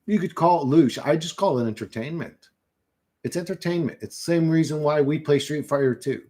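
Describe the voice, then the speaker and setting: A livestream host, a man in his thirties, rants into his computer mic at his desk in a meandering, foul-mouthed monologue full of conspiracy talk. His voice is fairly high-pitched and warm, and he talks a little fast.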